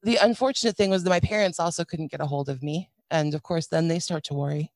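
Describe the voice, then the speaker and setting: A middle-aged woman with a lowish voice tells a hard personal story, stopping and restarting often. Now and then she drops in a dry, wry aside. The sound is close and dry, with no room around it. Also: quick pace, darkish tone, no echo. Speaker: guest sharing a personal story.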